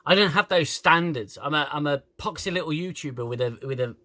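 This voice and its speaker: A fed-up man rants his way through a review, swearing freely and tripping over his own words. His voice sits a touch high for a man, and it comes through a camera phone. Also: expressive, bright, forceful tone. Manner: exasperated, sweary, halting with restarts. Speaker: YouTube reviewer. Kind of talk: casual rant review.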